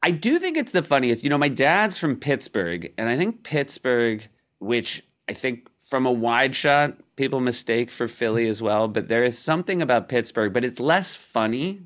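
A middle-aged man as a guest comedian in casual podcast chat, wry and quick, growing animated when he makes a point. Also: mid-range voice.

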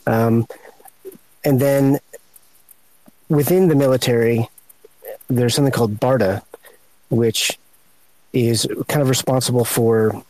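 A man answers a panel question in a halting way, pausing between phrases while he hunts for the right words. His voice is mid-pitched and the recording is close and dry, with no room sound. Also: fairly even intonation, dark tone, no echo, low-quality recording. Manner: halting, searches for words with long pauses. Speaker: panel guest.

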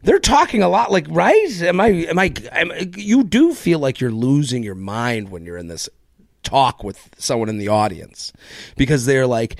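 A man hosting a solo comedy podcast, telling a story in an animated way and acting out both sides of each exchange. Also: medium pitch, normal speed, no room sound, clean studio sound. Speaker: podcast host.

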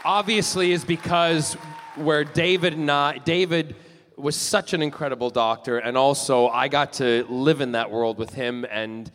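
A man's voice: medium pitch, unhurried, a bit bright, some chatter behind. A man chatting animatedly as a guest on a live podcast in a theater, telling stories with many restarts. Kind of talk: casual live podcast chat. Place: theater stage. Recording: live theater with long reverb.

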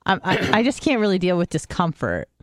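A woman's voice: on the low side, huge pitch swings, a little fast, no room sound, clean studio sound. A young woman co-hosting a radio talk show, playful and whiny in casual banter.

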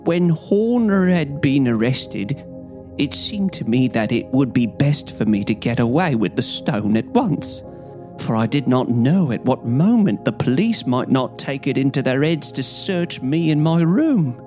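A man reading an audiobook, voicing a cringing, panicked young male thief with a crackling voice who begs in a high, strained tone. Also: sing-song, a little slow, dark tone, soft background music. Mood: confessing. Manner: begging, high-strung, voice leaping upward. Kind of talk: audiobook character voice.

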